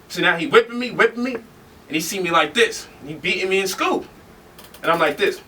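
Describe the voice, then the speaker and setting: A man telling stories to a live audience in an animated, joking way, laughing often. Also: high-pitched, brisk. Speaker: speaker. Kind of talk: storytelling lecture. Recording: distant mic with faint noise.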